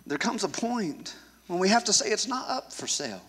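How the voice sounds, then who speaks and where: A man's voice: sits high, big pitch swings, moderate pace, a bit bright, husky. A man pastor preaching a sermon in a church, telling a story and driving home his points with emphasis. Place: church sanctuary. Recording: echoey church hall.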